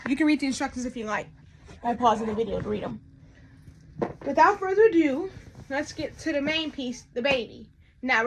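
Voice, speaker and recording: A woman's voice: high voice, slight background noise. A woman, chatting to her viewers in an unboxing vlog, often repeating herself. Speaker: vlogger.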